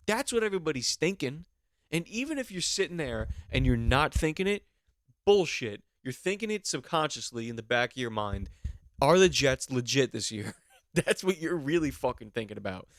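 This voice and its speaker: A man's voice: on the high side, very animated, moderate pace, no room sound, clean studio sound. A young man hosting a podcast, riffing in a rambling, profane, comedic monologue full of fillers. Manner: rambling, profane, lots of fillers and mock voices. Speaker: podcast host.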